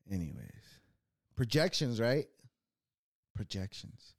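On his own show, a young adult host speaks very slowly in a lowish, creaky voice with big swings in pitch, cursing freely, mocking, and laughing a lot as he rants casually. The sound is dry and studio-clean.

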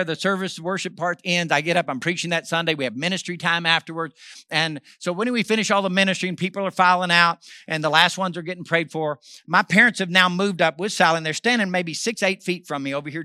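A middle-aged pastor preaching with an animated delivery that swings between loud calls and near-whispered asides. His voice sits fairly high and rings very bright. It sounds dry and close, with almost no room around it. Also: clear, resonant tone, dry recording. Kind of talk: sermon storytelling.

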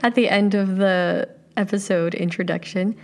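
A woman's voice: mid-range voice, fairly even intonation, moderate pace, darkish tone. A Canadian woman in her thirties with a Canadian accent, hosting a solo podcast as a life coach and talking casually with listeners. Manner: friendly, conversational, asks the listener questions.

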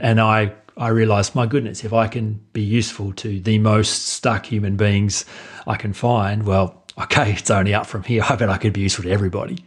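A man's voice: on the low side, slightly rough. A man, a life coach, telling stories in an interview and acting out the dialogue he recalls. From Australia. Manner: animated storyteller acting out dialogue, frequent restarts. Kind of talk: conversational interview storytelling.

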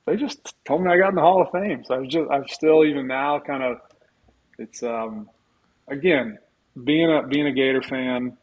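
A man's voice: mid-range voice, lo-fi sound. A man in his forties, a podcast guest and former football player, telling stories in a chatty, humble way full of restarts. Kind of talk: casual storytelling in a podcast interview.

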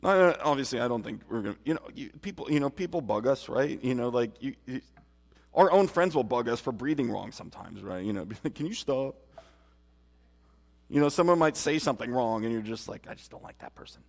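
A man's voice: mid-range voice, expressive, fast, vocal fry. A man preaching a sermon and giving his testimony, earnest and emphatic, speaking straight to his listeners. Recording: long hall reverb.

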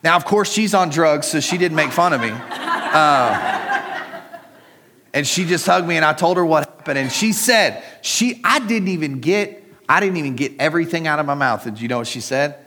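A man's voice: fairly high pitch, lively intonation, moderate pace, noisy background. A middle-aged man preaching a sermon in a conversational way, telling a personal story and speaking straight to the congregation. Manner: conversational, personal storytelling, addresses listeners directly. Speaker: pastor.

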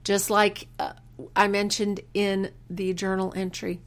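A woman hosting a faith podcast, speaking earnestly about letting go, quoting scripture slowly and with emphasis, sometimes halting and restarting. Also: mid-range voice, little pitch movement. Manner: earnest, preacherly, quotes scripture with slow emphasis; halting restarts when moved. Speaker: podcast host. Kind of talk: faith-based personal reflection.

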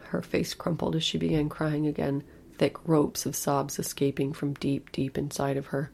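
Husky, gravelly woman narrating horror. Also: deep voice, little pitch movement, moderate pace, a little mellow. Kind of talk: scripted horror story narration.

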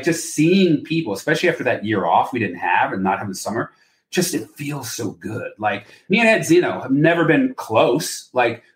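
A man's voice: mid-range voice, echoey room. A man, a poker player, chatting casually and rambling with plenty of swearing and filler words. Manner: rambling, profane, lots of "like". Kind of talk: casual podcast chat.

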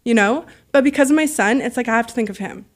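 A woman telling stories as a podcast guest, animated and freely swearing, acting out the voices of people she quotes. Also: a little high, quick pace. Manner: heavy use of "like" fillers. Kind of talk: casual storytelling.

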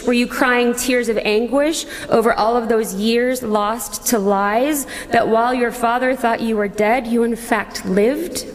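A woman pastor preaching a sermon as a dramatic second-person retelling full of rhetorical questions. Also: a little high. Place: church. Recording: long church reverb.

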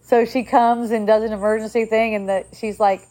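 A woman's voice: on the high side, level tone, normal speed, mellow. A woman giving a casual spiritual talk, loose and conversational, with frequent fillers and blunt swearing.

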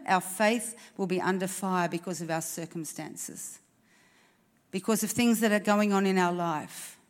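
Woman, preacher, earnest sermon, encouraging, rhetorical questions, church service. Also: mid-range voice.

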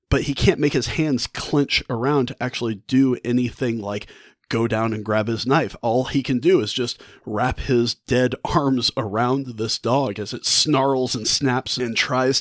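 Animated man retelling a story, dry sound. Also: medium pitch, no echo. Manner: animated, retells the story with mock-quoted thoughts; laughs often and restarts his phrases. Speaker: book vlogger. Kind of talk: casual book discussion.

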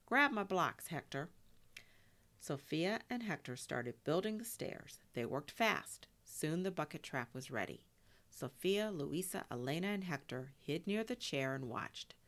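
Low, gravelly woman reading a storybook. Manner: expressive reading with Spanish words.

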